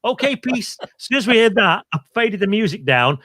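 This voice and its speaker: A man's voice: sits high, big pitch swings, a little fast, sharp tone, no echo, clean studio sound. A middle-aged man, a radio presenter, casually telling an anecdote on a quiz stream and acting out the voices in it. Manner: chatty storyteller, acts out voices in his anecdotes.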